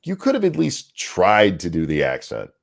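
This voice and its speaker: Lively low-voiced man reading chat. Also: moderate pace, vocal fry. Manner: animated, swears often, trips over words while reading chat comments aloud. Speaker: co-host. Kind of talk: casual podcast chat.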